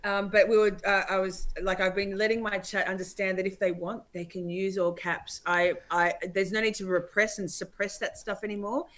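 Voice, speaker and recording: Bubbly Australian woman guest, bright and enthusiastic chat. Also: medium pitch, little pitch movement, normal speed, hardly any pauses. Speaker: guest streamer. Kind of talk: casual livestream chat.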